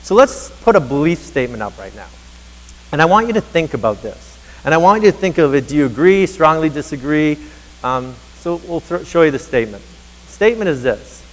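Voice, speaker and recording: A man in his thirties delivers an earnest motivational talk from a stage, his voice sitting a little high for a man. It rings out with a long hall reverb, and he presses his points home by speaking straight to the crowd. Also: big pitch swings, brisk. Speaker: conference speaker for teachers.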